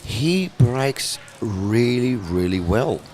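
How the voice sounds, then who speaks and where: A man's voice: medium pitch, animated, very slow, darkish tone, soft background music. Chatty male pool commentator. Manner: chatty, explanatory. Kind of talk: live sports commentary.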